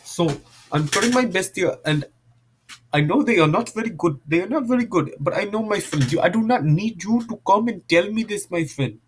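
Man doing a put-on Indian accent, raised pitch, defensive, exasperated, insistent. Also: expressive, normal speed, a little hiss or hum. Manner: defensive, repeats "my friend".

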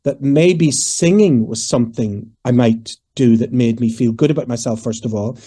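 A Northern Irish man in his fifties, a singer answering interview questions in a lively, storytelling way and acting out the voices of people he quotes. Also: medium pitch, normal speed, breathy edge. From Northern Ireland. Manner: animated, digressive, acts out quoted voices. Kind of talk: conversational storytelling.

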